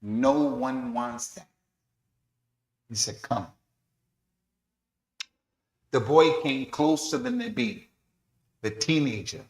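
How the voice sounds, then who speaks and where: A man's voice: medium pitch, very animated, slow, long pauses. A man teaching a mosque lesson in sermon style, telling a story with animation and acting out the voices of the people in it. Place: mosque prayer hall. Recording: echoey mosque hall.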